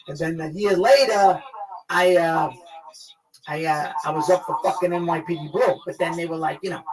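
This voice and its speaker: Man, new york accent, high voice, loud, excitable, swearing storyteller, distant mic, crowd noise behind. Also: brisk. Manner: loud, excitable, swears a lot, acts out quotes. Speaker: guest actor. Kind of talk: profane storytelling chat.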